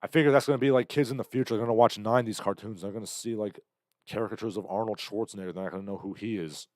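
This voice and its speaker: Low-voiced sardonic man live-streaming. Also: rapid-fire, dry recording, studio quality. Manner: rambling, sardonic, bursts into loud impressions. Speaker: livestream host. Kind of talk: casual commentary reading chat comments.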